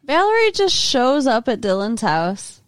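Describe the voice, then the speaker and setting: A woman co-hosting a casual chat show, blunt and quick to swear, laughing often. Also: on the high side, sing-song, dry recording. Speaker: podcast co-host.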